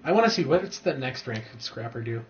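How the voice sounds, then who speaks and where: A man gives casual game commentary, talking through menus and joking at his own expense. His voice sits at a middle pitch. The home mic sounds dull and lo-fi, with a faint hiss underneath. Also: animated, brisk. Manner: chatty, reads game menus aloud, self-mocking. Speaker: gamer playing with a friend. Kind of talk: casual let's-play commentary.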